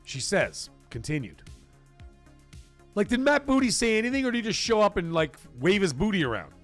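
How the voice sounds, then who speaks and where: A man hosting a live stream, talking in a casual, emphatic and repetitive way, his voice getting hoarse. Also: high voice, very animated, a little fast, fairly bright tone, faint music behind. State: voice going hoarse. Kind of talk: casual live-stream chat reading donations.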